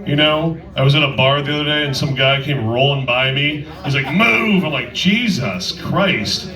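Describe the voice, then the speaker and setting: A man's voice: medium pitch, level tone, fairly quick, bright, forceful tone, reverberant, far from the mic, rough recording. A man doing a stand-up set in a comedy club, with a crude, rambling, self-interrupting delivery.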